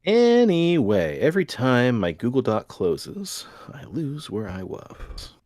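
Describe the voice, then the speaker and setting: A man's voice: medium pitch, takes it slowly, no echo, clean studio sound. A man co-hosting a casual paranormal podcast, reading a news story aloud and laughing often. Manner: animated, laughs often, gravelly. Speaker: podcast co-host.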